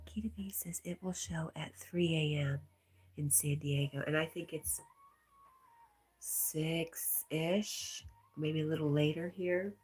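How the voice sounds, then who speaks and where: A woman hosting a livestream, reading out viewer comments in a casual, soft, often half-whispered way, with a stuffy nose. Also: low-pitched, fairly even intonation, takes it slowly, slightly rough. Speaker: livestream host.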